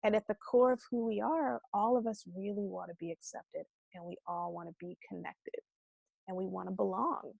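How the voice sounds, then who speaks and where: Woman, self-love coach; casual and expressive, mid-pitched, dry close recording. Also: normal speed, vocal fry, husky, no echo. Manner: animated and expressive, acting out quoted voices; casual speech with mild swearing. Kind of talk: casual conversational teaching.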